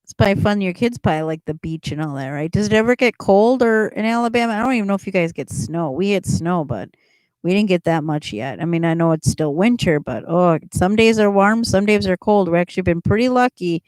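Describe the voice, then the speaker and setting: A woman's voice: on the low side, animated, fairly quick, darkish tone, no room sound. A middle-aged woman hosting a casual livestream chat, rambling as she answers viewers and laughing often. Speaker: livestream host chatting with viewers.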